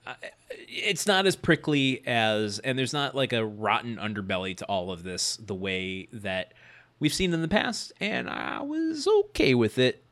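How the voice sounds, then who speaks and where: A man co-hosts a podcast recapping a TV episode, playful and jokey and laughing often. His voice sits at an ordinary middle pitch but moves a great deal. It is easygoing, casual banter. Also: sing-song, unhurried, a bit bright. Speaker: podcast co-host.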